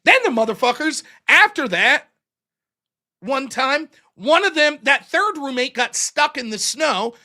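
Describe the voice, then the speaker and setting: American man, middle-aged, casual storyteller, swears a lot, bright voice, very lively pitch. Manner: profane, animated, laughs often. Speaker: livestream host.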